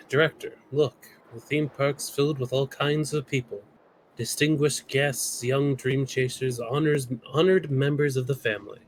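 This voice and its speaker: A man's voice: mid-range voice, steady tone, a little slow, a little hiss or hum, poor audio. A man co-streaming a game, reading character lines and hamming up a put-on Southern accent. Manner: playful, drawls in a put-on Southern voice.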